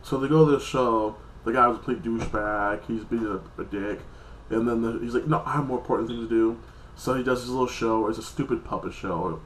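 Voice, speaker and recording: A man's voice: medium pitch, brisk, fairly bright tone. Man, casual episode recap, rambling and loose, echoey room, faint hum. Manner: rambling, loose, heavy filler words. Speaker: TV episode reviewer.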